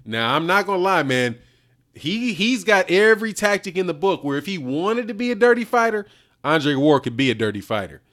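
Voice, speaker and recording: Very animated, with a high-sitting, fairly bright voice and a moderate pace, a boxing livestream host reads super chats and chats with viewers in slang. He laughs often and keeps calling people "dog" and "man."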